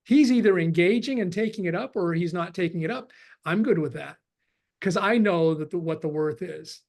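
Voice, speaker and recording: A man's voice: sits high, normal speed, gravelly, a little mellow. A man chatting on a video call webinar, rambling with restarts and acting out quoted dialogue. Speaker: webinar participant. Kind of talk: casual chat.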